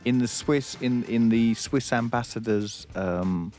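A man's voice: medium pitch, unhurried. A man bantering casually as a radio co-host, in a studio with faint music. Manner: relaxed banter, says "mate".

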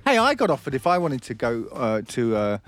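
A man's voice: medium pitch, fairly quick. A man bantering casually as a radio co-host, in a studio with faint music. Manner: relaxed banter, says "mate".

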